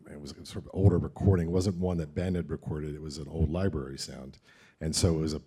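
A man with a very low, mellow voice gives offhand panel answers. His tone has a husky grain, and he speaks in a relaxed, unhurried way. He sounds like a sound designer explaining his craft.

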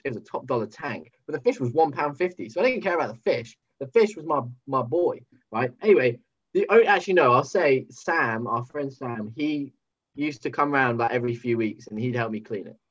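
A man's voice: medium pitch, expressive, a little fast. A young British man, a podcast guest, chatting casually and jokingly over a video call, swearing and playing up mock indignation. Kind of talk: casual banter. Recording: muffled lo-fi call audio.

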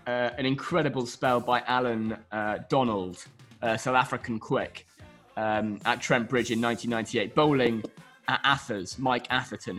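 A man co-hosting a podcast in casual chat, rambling and self-mocking with frequent laughs. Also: medium pitch. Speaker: podcast co-host.

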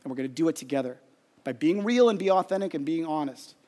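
A man's voice: a little high, animated, fast, dark tone. A man, a pastor, giving an earnest sermon and telling a family story with quoted dialogue.

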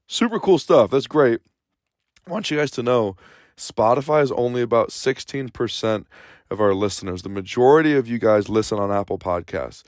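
A man's voice: medium pitch, no echo, studio quality. A man hosting a sports podcast, talking casually and energetically, a bit out of breath, rambling and restarting his sentences. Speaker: podcast host.

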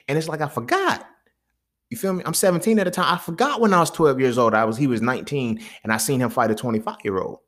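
A young adult man hosting a podcast, telling a story in casual slang, swinging from low mutters to loud, excited bursts. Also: brisk. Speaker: podcast host.

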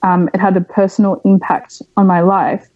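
A woman's voice: medium pitch, flat delivery, normal speed, no echo, phone-quality sound. A young woman from Australia, a podcast guest, speaking frankly and at length in a candid interview, with many fillers.

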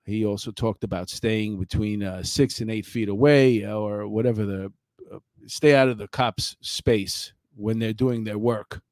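A man's voice: lowish voice, steady tone, measured pace, a little mellow, no echo. Middle-aged new guy, ex-cop, rambles with lots of uhs, dry close sound. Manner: rambling, blunt, swears, many fillers. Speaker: former police officer, commentator. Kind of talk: casual storytelling commentary.

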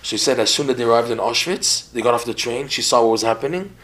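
A man's voice: medium pitch, fast talker, a bit bright. A man giving a religious lecture in a podcast conversation, talking animatedly with frequent repeated words and laughs. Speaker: religious teacher.

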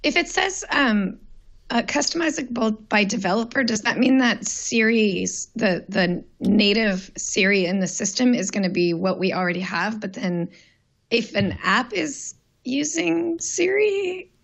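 A woman's voice: a little high, lively intonation, a little slow, vocal fry. A woman on a tech podcast panel, hesitant and thinking aloud as she asks questions. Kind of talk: casual tech chat.

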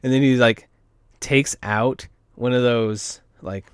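A man's voice: mid-range voice, fairly even intonation, slow pace, smooth, no room sound. Man, vlogger, rambling storyteller with a dry close sound. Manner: rambling, filler-heavy, profane. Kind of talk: casual storytelling.

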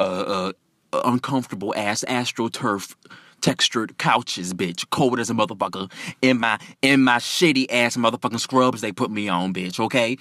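A man telling a personal story in a profane, animated and emphatic way. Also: medium pitch, dry recording.

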